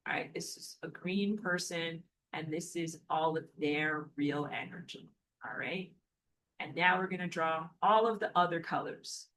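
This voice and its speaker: Woman, bright tone, casual whiteboard teacher; playful, thinks out loud, self-correcting. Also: deep voice, measured pace. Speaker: spiritual teacher. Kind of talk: casual whiteboard lecture while drawing.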